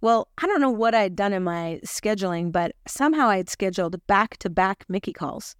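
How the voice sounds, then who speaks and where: Woman, scripture teacher, confiding storytelling, smooth resonant voice, dry recording. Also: medium pitch, lively intonation, a little fast, dry recording. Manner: chatty, confiding, self-deprecating. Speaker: gospel lesson podcast host. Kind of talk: scripture lesson with personal storytelling.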